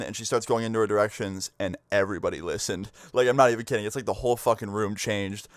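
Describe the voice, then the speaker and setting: A man's voice: lowish voice, fast talker, few pauses, no room sound, clean studio sound. Casual, swearing young man telling a story. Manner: casual, swears a lot, lots of "like". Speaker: vlogger.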